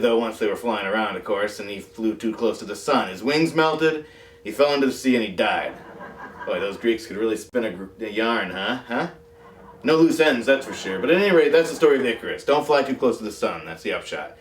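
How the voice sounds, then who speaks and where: Deadpan comedy show host guy, kinda far from the mic, echoey, little music under it. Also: mid-range voice, brisk, a little hiss or hum. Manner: dry, deadpan, self-mocking asides. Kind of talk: comic monologue. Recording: roomy echo, off mic, faint music.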